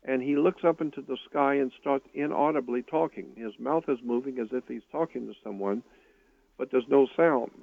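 An older man telling a personal story in an interview, speaking earnestly with halting starts and repeated words. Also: medium pitch, gravelly, no echo. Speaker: guest recounting a personal experience. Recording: tinny phone line, dry.

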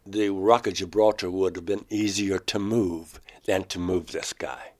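A low-pitched man tells his story as an interview guest. He halts and restarts mid-phrase, then his voice shoots up loud and high whenever he quotes his own words. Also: steady tone. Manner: halting, restarts mid-phrase, voice rising sharply when quoting himself. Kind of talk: recounting a personal experience.

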